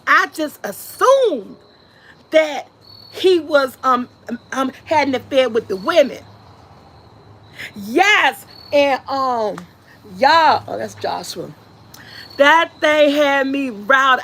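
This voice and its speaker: A woman vlogger retelling a movie in a lively, casual way, laughing and shrieking in places. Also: sits high, low-quality recording. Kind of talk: animated casual storytelling.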